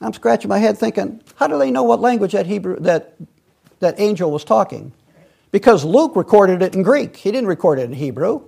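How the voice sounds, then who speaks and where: High-voiced man teaching a Bible study. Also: lively intonation, a little fast, creaky, darkish tone, slightly rough. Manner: digressive, many restarts and fillers. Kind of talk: rambling Bible study talk.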